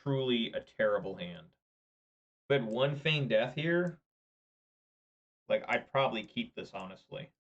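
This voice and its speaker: A man casually commentating his own card game matches, muttering through quiet turns and getting loud and excited at big plays. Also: mid-range voice, measured pace, pauses often, dull audio. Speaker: gameplay commentator.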